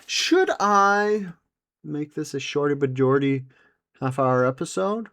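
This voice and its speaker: A man in his forties hosting a solo comedy podcast, rambling and swearing, with mock outrage and sudden leaps into a high excited voice. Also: normal speed, no room sound, clean studio sound. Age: 40s. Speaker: podcast host.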